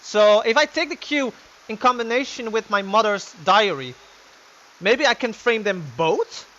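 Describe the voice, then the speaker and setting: A young man giving casual let's play commentary, excitable and thinking aloud. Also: high-pitched, dull audio.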